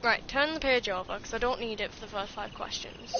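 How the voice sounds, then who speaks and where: A woman's voice: fairly high pitch, a little fast, background noise. A British woman with a Scottish tinge to her accent, chatting casually and swearing freely as she streams a game. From United Kingdom. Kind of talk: casual gaming stream chat. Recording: slightly dull stream audio with game music.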